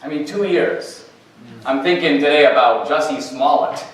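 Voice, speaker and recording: A man's voice: on the high side, moderate pace. A man giving a campus talk as a guest speaker, telling anecdotes and acting out dialogue. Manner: anecdotal storytelling, quoting dialogue. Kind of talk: campus lecture. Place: university lecture hall. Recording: echoey hall, distant mic.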